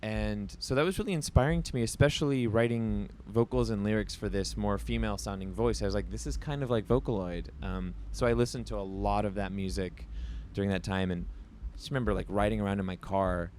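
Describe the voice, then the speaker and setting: A man with a voice a little on the low side chats in an easygoing interview backstage at a festival, inside a trailer. He talks loosely, fills his sentences with "like" and often starts over mid-thought. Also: steady tone, brisk, hardly any pauses, darkish tone, slight background noise. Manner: chatty, heavy use of "like", frequent restarts. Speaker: musician being interviewed. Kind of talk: casual backstage conversation.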